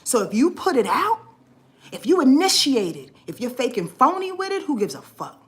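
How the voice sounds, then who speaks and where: A woman's voice: high-pitched, sing-song, normal speed. A woman astrology vlogger talking in a heartfelt, rambling monologue, earnest and swearing freely, emotional and close to tears at times.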